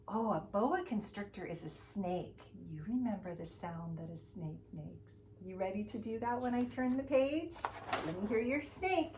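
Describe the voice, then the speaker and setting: A woman's voice: high-pitched, moderate pace. Sing-song woman reading to preschoolers. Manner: sing-song, animated, coaxing children to join in. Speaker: preschool teacher. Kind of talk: reading a picture book to young children.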